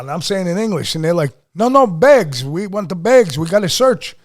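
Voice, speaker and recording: Male co-host, loud and profane storyteller, high-pitched. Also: very animated, moderate pace. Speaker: podcast co-host. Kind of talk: casual chat, storytelling.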